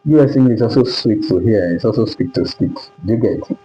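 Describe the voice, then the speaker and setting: A man's voice: fairly low pitch, brisk, slight background noise. A man from Nigeria teaching English pronunciation in a lesson, repeating example words and often asking if the listeners understand. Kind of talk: classroom lesson. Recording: dull lo-fi recording, faint music.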